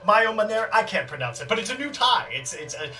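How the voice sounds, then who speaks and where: A man's voice: high voice, fast, far from the mic, faint music behind, voice pushed up, exaggerated voice. A man putting on a blustering flustered lawyer. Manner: blustering, excitable, stammering. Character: flustered bumbling middle-aged male injury lawyer.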